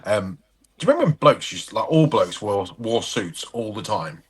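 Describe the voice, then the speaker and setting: A man's voice: lowish voice, big pitch swings, normal speed, breathy edge. A man co-hosting a podcast, chatting casually in a rambling, jokey way and swearing freely. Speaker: podcast co-host. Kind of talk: casual banter.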